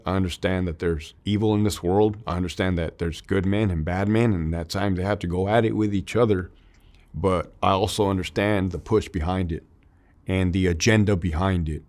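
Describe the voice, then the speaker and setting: A man in his thirties, an army veteran, speaking as an interview guest in candid, emotional conversation, with a lot of "dude" and "like" and some swearing. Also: low-pitched.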